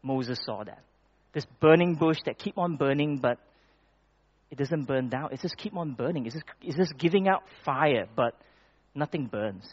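A man preaching a conversational sermon in a church hall, often pausing and restarting his words. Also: fairly high pitch, expressive. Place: church hall with projected slides. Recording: dull lo-fi recording.

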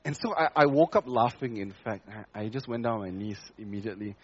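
A man giving a spoken testimony to a congregation, talking haltingly with many fillers and restarts. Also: fairly low pitch, expressive, slightly rough, dull audio. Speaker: church speaker sharing a testimony.

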